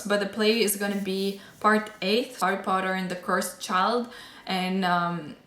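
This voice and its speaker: A woman's voice: medium pitch, measured pace, a bit bright. A young adult woman chatting casually through a book review, gushing and full of fillers like "um" and "like.". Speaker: book vlogger. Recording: echoey room.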